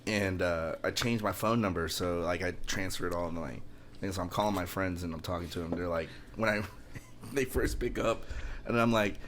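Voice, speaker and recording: A man's voice: low voice, normal speed. Man, podcast co-host, laughing, swearing, casual chat, faint noise.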